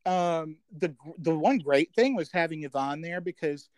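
A man's voice: on the high side, no echo, low-quality recording. A middle-aged man as a podcast guest, reminiscing in casual chat, rambling with many fillers and joking at his own expense. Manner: chatty, rambling, full of 'um' fillers; self-deprecating, quick to joke.

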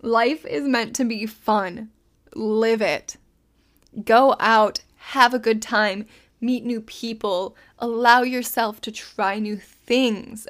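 A woman's voice: a little high, a bit bright. A woman in her twenties hosting a solo podcast, talking in a heartfelt, encouraging and emotional way. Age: 20s. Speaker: podcast host.

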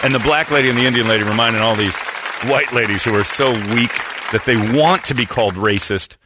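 A man's voice: medium pitch, quick pace, a crowd in the background, background noise. A man hosting a casual comedy podcast, talking in a crude, mocking way and laughing often.

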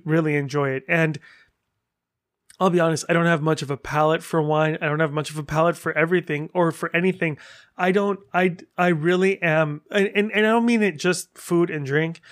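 A man hosting a solo podcast, chatting in an animated, rambling way and gushing as he tells stories. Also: a little high. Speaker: podcast host. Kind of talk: casual solo podcast update.

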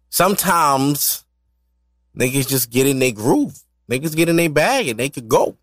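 A man's voice: mid-range voice, very animated, normal speed, gravelly, dry recording. Profane, rambling man podcast host. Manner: loose, profane, rambling, laughs often. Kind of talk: casual solo podcast chat.

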